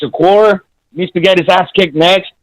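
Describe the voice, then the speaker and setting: A man's voice: sits high, moderate pace, dry recording, rough recording. A man calling in to a podcast, rowdy and mocking, swearing constantly, with a Mexican Spanish accent. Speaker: caller. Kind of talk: crude joking call-in rant.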